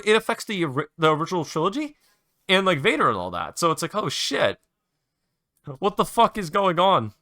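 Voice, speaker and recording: A man's voice: high voice, big pitch swings, fairly quick, sharp tone, dry recording, clean studio sound. A young man hosting his own show, ranting and rambling in a casual, exasperated way while playing a game, with lots of swearing. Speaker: host.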